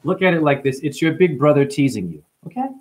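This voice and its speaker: A man's voice: fairly high pitch, lively intonation, quick pace, darkish tone. Man casually chatting on a livestream. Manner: loose, joking, talks to chat by name. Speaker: livestream host. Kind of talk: casual livestream chat reading comments.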